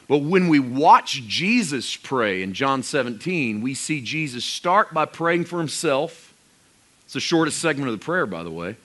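Male pastor, sermon delivery, crisp bright tone, leans hard into key phrases. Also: a little high. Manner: emphatic preaching, voice rising and slowing on key phrases.

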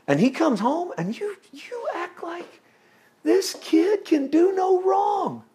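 A man preaching a sermon, swinging from loud exclaiming to hushed, intimate tones, often laughing as he talks. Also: extremely high pitch, big pitch swings, slow pace, a little hiss or hum.

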